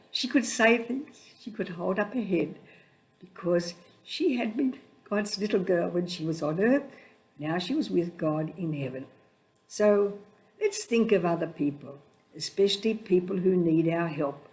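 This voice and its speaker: An older woman, a religious sister, gently telling a story about a child for young listeners, slow and soft, dropping her voice low for quoted words.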